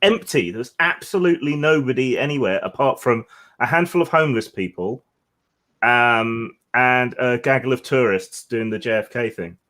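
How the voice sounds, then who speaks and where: Chill guy with a dry delivery telling a travel story, average pitch. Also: normal speed, a bit bright. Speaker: podcast panelist. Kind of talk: casual chat.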